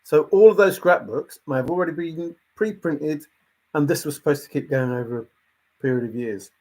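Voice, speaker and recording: A somewhat high, husky male voice delivering a casual video monologue. He sounds exasperated and emphatic, driving the same points home again and again. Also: moderate pace, darkish tone, poor audio. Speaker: treasure hunt commentator.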